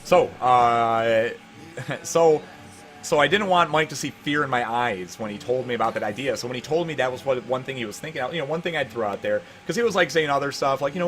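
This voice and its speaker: A man on a live stream, talking casually into a desk mic while he plays. He rambles and pokes fun at himself at an ordinary mid pitch. Faint music plays behind him. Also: fairly quick, fairly bright tone. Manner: rambling, self-deprecating storytelling. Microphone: desk microphone.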